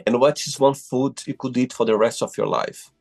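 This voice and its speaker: A man from Brazil hosting a casual interview over a video call, effusive and quick to exclaim. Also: mid-range voice, steady tone, creaky, darkish tone, soft background music. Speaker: host.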